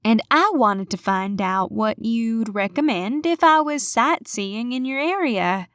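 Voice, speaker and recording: A woman narrator putting on a young woman with a twangy Southern accent, drawling slow and friendly in an audiobook. The voice sits at a middling pitch, close and dry. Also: lively intonation, fairly bright tone, no echo. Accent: Southern US, put on. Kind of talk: audiobook character voice.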